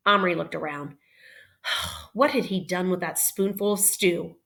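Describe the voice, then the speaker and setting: A woman's voice: lowish voice, moderate pace, fairly bright tone. A woman teacher reading a novel aloud expressively, with playful teaching asides. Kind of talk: read-aloud storytelling.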